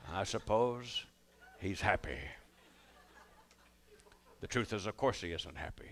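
A man's voice: fairly low pitch, expressive, takes it slowly, creaky, long pauses. An older man doing live stand-up storytelling on stage, folksy and rambling, with drawling asides to the audience. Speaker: comedian and musician on stage.

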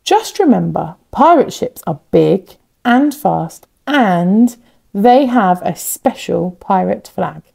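Woman voicing a gentle storybook dad. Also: medium pitch, animated, slow, gravelly, slightly rough, heavily acted. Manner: soft and reassuring. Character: gentle, kindly father in a storybook.

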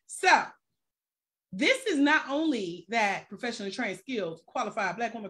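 A woman's voice: fairly high pitch, expressive, moderate pace, bright, forceful tone. A woman life coach on a live stream who talks straight to her viewers with casual slang and rhetorical questions.

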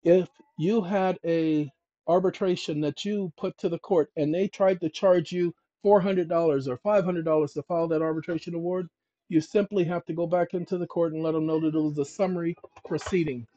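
A brisk male host with a voice on the high side and fairly even intonation explains legal procedure emphatically and conversationally. He hails viewers as "ladies and gentlemen" and thinks aloud while examining documents, captured in a dull, dry, lo-fi recording.

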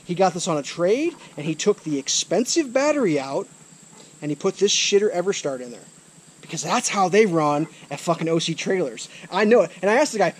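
A man with a high, expressive, husky voice rants at the camera as a vlogger, talking at a quick pace. He's recorded outdoors by a trailer, frustrated, repeating himself and swearing frequently.

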